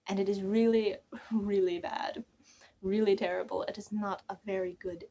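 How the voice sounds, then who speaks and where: A young woman who runs the channel chats casually to camera, rambling, trailing off and starting over, often dropping to almost a whisper. Her warm, medium-pitched voice stays fairly even at a moderate pace, with a little hiss or hum in the audio.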